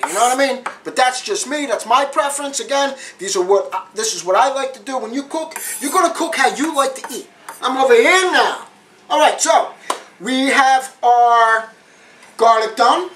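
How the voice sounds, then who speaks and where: A man's voice: very high voice, fairly bright tone, slight background noise. A man hosting a casual cooking demonstration, chatty and repeating his phrases with street slang. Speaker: home cooking show host.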